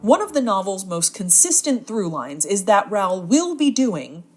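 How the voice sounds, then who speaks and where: A woman's voice: medium pitch, sing-song, measured pace, over music. A woman retelling a classic novel in a chatty storytelling recap, with playful asides. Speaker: book synopsis narrator.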